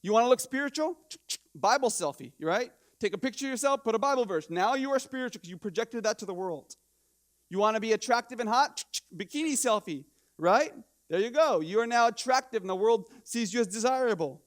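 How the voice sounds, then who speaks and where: Pastor guy preaching, high voice, lots of "you know what i'm saying", restarts a bunch. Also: a little fast. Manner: animated, conversational preaching with repeated rhetorical questions and many restarts. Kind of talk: sermon. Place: church.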